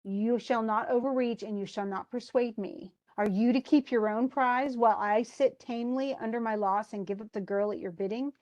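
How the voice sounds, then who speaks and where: A woman's voice: fairly high pitch, steady tone, moderate pace, hardly any pauses, a little mellow, lightly acted. A woman voicing a greedy, petulant male king in a casual, exasperated retelling voice. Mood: indignant.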